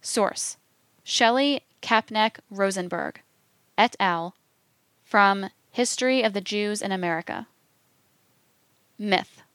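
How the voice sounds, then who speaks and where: Female reader for a scripted read: slow, deliberate, even, crisp tone, dry close recording. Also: medium pitch, no room sound. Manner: measured, even, deliberate delivery. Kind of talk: scripted reading of quotations.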